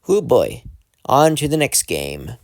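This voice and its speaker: A man's voice: mid-range voice, big pitch swings, takes it slowly, dry recording, studio quality. A young man giving casual, jokey fan commentary, rambling and interrupting himself as he goes. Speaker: video creator.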